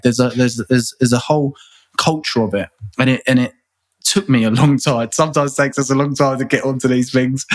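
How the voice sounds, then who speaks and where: A man's voice: mid-range voice, brisk. Earnest rambling man. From England. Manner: earnest, rambling, repeats words and restarts often. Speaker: guest. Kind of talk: casual interview chat.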